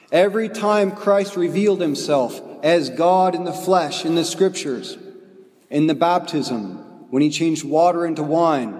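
Priest preaching in a reverberant church. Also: male voice, fairly high pitch, darkish tone. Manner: earnest storytelling with slow emphatic phrases. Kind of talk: homily.

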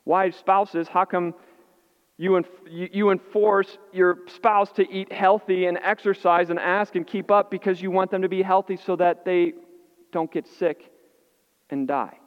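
A man's voice: high voice, fairly even intonation, smooth. Man preaching in an echoing hall. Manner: earnest preaching with dramatic pauses and soft drops. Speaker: pastor. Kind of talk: sermon. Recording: muffled, long reverb of a large hall.

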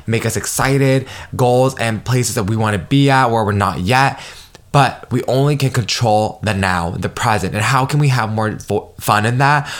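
Emotional, effusive young podcast host man. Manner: emotional, effusive, swears freely; animated, jumps higher when excited. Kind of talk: solo motivational podcast monologue.

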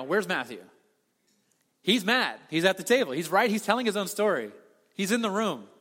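A man preaching a sermon as a pastor, telling the story with animated delivery and acting out the voices he quotes. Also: sits high. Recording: long hall reverb.

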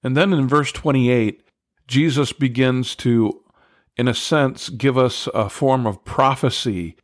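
Male Bible teacher, unhurried, earnest, emphatic, dry close sound. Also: mid-range voice, no room sound. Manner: earnest, emphatic on key words, asks listeners directly.

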